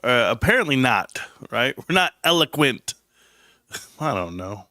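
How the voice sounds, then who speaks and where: A man hosting a casual stock-market livestream, rambling and joking, swinging from mock-proper musing to loud banter. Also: mid-range voice, big pitch swings, measured pace, dry recording, studio quality. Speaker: livestream host.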